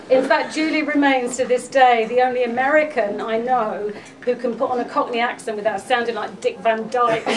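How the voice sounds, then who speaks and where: A woman delivers a fond, heartfelt eulogy at a memorial gathering, chuckling now and then as she speaks. Her voice sits a little high. She is picked up by a distant microphone, with clear background noise behind her. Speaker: eulogy speaker, friend of the family.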